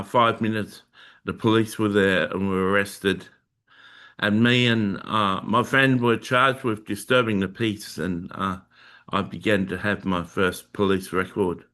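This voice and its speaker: A man recounts a personal religious testimony on his own channel, pausing often and filling the gaps with hesitant sounds. His voice sits a little low but has a bright, forward edge. He speaks very slowly. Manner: halting, with many filler sounds and restarts. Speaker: Christian video host sharing testimony.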